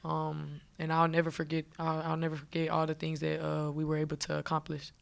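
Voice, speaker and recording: A young woman college basketball player answering at a press conference, halting and emotional, with many fillers. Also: low-pitched, monotone, gravelly. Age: young adult.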